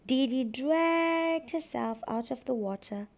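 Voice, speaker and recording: A preschool teacher, a woman, reading a storybook aloud to young children in a slow, clear and careful way. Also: sits high, animated, darkish tone.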